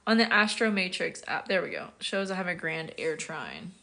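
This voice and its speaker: A woman's voice: lowish voice, very animated, normal speed, pushed and bright. An American woman in her thirties, a casual, chatty astrologer answering viewer questions on a livestream and laughing often. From United States.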